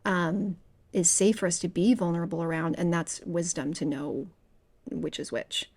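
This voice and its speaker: A woman's voice: lowish voice, fairly even intonation, normal speed, a little mellow, husky. A woman co-hosting a book podcast, talking casually with lots of fillers and acting out her own inner voice. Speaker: podcast co-host. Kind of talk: casual book-club chat.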